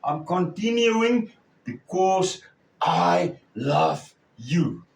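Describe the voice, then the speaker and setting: A gentle heavenly Father speaks low and soft, each word slow and tender, as a preacher gives him voice. The voice sounds distant. A roomy echo hangs on it. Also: big pitch swings, gravelly, heavily acted. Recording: echoey room, far from the mic.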